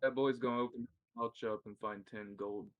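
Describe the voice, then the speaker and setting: A man's voice: mid-range voice, fairly even intonation, normal speed, lo-fi sound. Male player, plain voice, in-character lines. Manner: plain, declares actions then speaks in character. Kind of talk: tabletop role-play, in-character.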